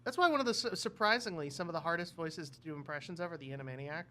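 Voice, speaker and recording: A man's voice: on the high side, rapid-fire, a little hiss or hum. A man co-hosting a livestream, chatting casually and laughing often. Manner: animated, laughs often, tries cartoon voice impressions. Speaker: livestream co-host. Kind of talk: casual chat.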